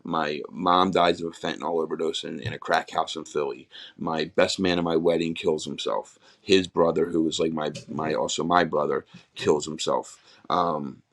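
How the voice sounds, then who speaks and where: A man's voice: rumbling low, steady tone, normal speed, creaky, few pauses, a bit bright. A middle-aged man, a podcast guest, candidly telling his life story in a raw, rambling way with many restarts.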